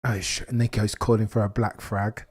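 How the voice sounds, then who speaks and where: A young man hosting a live race watchalong, commentating casually and reacting with excitement. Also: fairly low pitch, normal speed, slightly rough. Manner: excitable, exclaims and gasps at on-track action.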